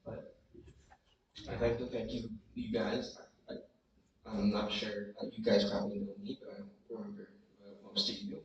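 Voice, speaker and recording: A tearful young man speaks unscripted at a memorial, emotional and apologetic, halting as he talks. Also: fairly low pitch, flat delivery, a bit bright, highs cut off. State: tearful, crying. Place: large hall at a memorial gathering. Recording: echoey hall, far from the mic.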